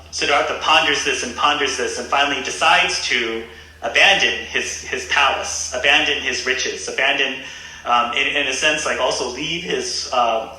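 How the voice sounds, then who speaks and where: Man, Buddhist reverend guest, retells an old story with loose, halting delivery; very bright tone, very echoey room. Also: mid-range voice, slight background noise. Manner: hesitant, many fillers and restarts. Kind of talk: casual storytelling.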